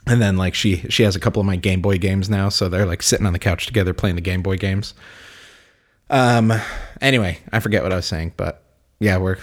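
Low-voiced man chatting casually. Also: a little fast. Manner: rambling, fills speech with "like", laughs often. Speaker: podcast co-host. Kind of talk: casual chat.

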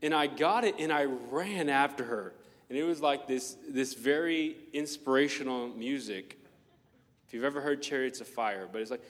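A man's voice: medium pitch, moderate pace, big-room sound. A man preaching a sermon, telling playful personal stories and acting out the voices in them. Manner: animated, playful, acts out voices in his stories.

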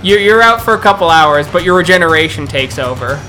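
A man narrating a tabletop game as game master, slow and drawn out, with restarts. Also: on the high side, lively intonation, sharp tone, soft background music.

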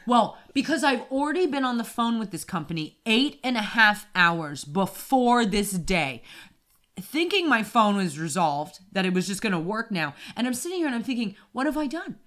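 A woman co-hosting a casual podcast, telling a story in an animated ranting way and acting out her own shouting. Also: medium pitch, normal speed. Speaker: podcast co-host. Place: apartment in Wimbledon.

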